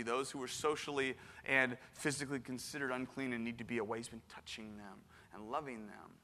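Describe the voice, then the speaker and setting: Animated man preaching in a reverberant hall. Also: mid-range voice. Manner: animated, casual, slangy, with frequent restarts. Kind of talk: casual conversational sermon.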